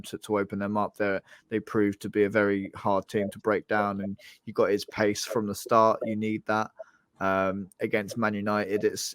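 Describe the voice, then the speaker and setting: A man's voice: fairly low pitch, no room sound. A man co-hosting a casual fan podcast, blunt and hesitant, with lots of ums. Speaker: podcast co-host.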